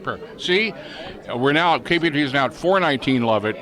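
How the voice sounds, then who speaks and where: A genial man conducts a casual interview and reminisces with a teasing edge. His pitch sits in a middle range for a man. A busy crowd chatters around him outdoors. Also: lively intonation, fast, a bit bright. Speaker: interviewer, former chief engineer. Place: outdoor reunion gathering.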